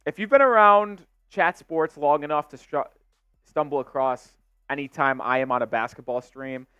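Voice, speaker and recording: A man hosting a live sports stream, calling play-by-play and getting excitable on big plays. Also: a little high, normal speed, smooth, no echo, highs cut off, soft background music.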